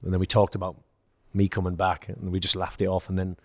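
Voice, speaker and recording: An English man, a former footballer, telling lively anecdotes in casual chat and acting out the quoted dialogue. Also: low-pitched, fast, dry recording. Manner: storytelling, acts out quoted dialogue, laughs. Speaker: former footballer, podcast guest.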